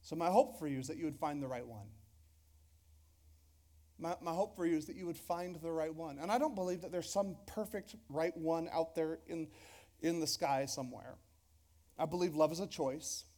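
A man's voice: a little high, moderate pace, mellow. A man preaching a sermon to a church congregation, casual and joking, often restarting his phrases. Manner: conversational and joking, with repeated restarts. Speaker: pastor. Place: church hall before a congregation.

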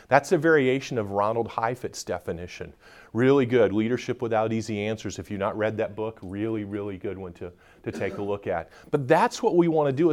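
A man's voice: medium pitch, darkish tone. A man speaking at a conference in front of a live audience, joking and bantering with the people in the room.

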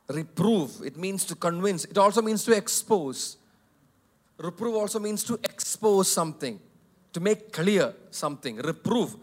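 A man preaching a sermon as pastor, emphatic and repetitive, swinging between loud declarations and quiet asides. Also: high-pitched, expressive, measured pace. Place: church hall.

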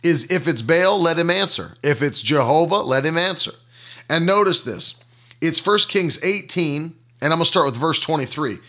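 A man's voice: a little high, animated, moderate pace, pushed and bright. A man preaching a sermon, reading scripture aloud and repeating key phrases for emphasis. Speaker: pastor.

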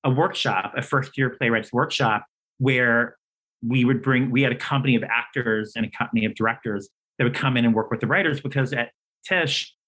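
Animated male storyteller in an interview. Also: rough recording. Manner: animated storyteller, acts out quoted dialogue with big pitch jumps; talkative, many fillers and restarts. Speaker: playwright and screenwriter guest.

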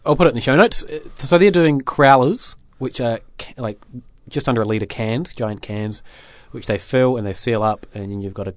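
A man co-hosting a casual podcast, chatty and self-mocking with the odd swear word. His voice sits in a middle pitch, recorded close on a dry mic with no room sound. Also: moderate pace, hardly any pauses, no echo. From Australia. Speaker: podcast co-host. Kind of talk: casual chat.

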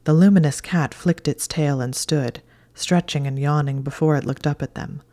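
Soft-spoken woman narrating a story. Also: low-pitched, moderate pace. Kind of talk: fan fiction reading.

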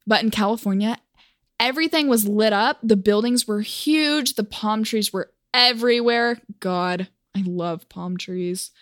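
A woman's voice: medium pitch, measured pace, no echo, clean studio sound. A young woman from Oklahoma telling a personal story for a vlog in a wry, self-mocking, chatty way.

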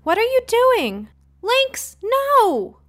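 Woman voicing an eager young girl, high. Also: normal speed, a bit bright, slight background noise. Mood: alarmed. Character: excited young girl on Halloween.

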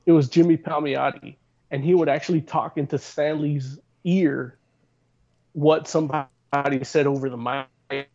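A man's voice: on the high side, steady tone, moderate pace, a little mellow. Rambling man hosting a podcast. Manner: rambling, full of fillers and restarts. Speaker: podcast host. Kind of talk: casual chat. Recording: slightly dull lo-fi sound.

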